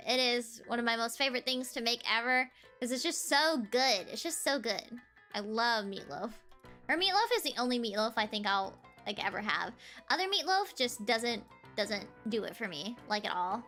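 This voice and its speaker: Bright, high-voiced giggly young woman. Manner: giggly, rambling with many fillers and restarts. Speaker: VTuber streamer. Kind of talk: casual chat answering viewers.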